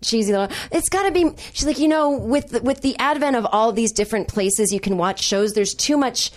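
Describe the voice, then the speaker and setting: A woman's voice: a little high, brisk. A woman in her forties, a comedian guest telling a story in casual chat, acting out both sides of the conversation with wry humor. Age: 40s. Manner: animated storyteller, acts out quoted exchanges, wry and self-deprecating.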